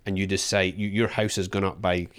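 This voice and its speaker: Rambling man, low voice. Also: little pitch movement, a little fast, fairly bright tone. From Australia. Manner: rambling, many restarts and fillers. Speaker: podcast co-host. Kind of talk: casual podcast chat.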